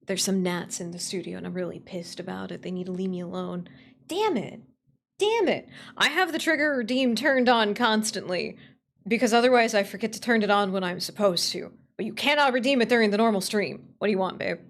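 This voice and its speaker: A woman streamer chats casually on a livestream, excitable and swearing freely as she swings between squeals and grumbles. Her mid-range voice is fast and creaky.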